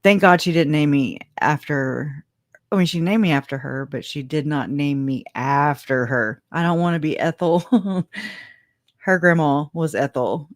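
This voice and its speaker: A woman's voice: low-pitched, dry recording, clean studio sound. A woman with a country Louisiana accent hosting a live stream, talking in a rambling, chatty way and laughing often. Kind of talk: casual live commentary. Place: home room.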